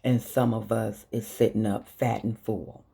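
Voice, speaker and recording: This vlogger is a middle-aged Chicagoan with the city's accent, giving her viewers a blunt, emotional direct-to-camera monologue, slow and earnest and laced with profanity. Her bass voice holds steady, dark and slightly rough, with vocal fry.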